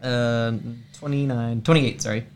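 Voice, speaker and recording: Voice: medium pitch, fairly even intonation, measured pace, slight background noise. A player in a tabletop game, talking hesitantly with many fillers.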